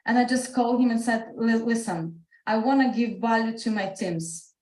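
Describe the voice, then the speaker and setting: A woman's voice: fairly high pitch, normal speed, darkish tone, roomy sound, low-quality recording. A woman with a Slovak accent telling an earnest personal story on a video call, her English full of restarts. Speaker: speaker. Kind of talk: motivational talk on a video call.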